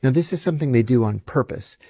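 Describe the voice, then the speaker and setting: Gravelly male ex-intelligence officer, emphatic, indignant interview storyteller, dry close sound. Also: mid-range voice, animated, quick pace, warm tone, dry recording.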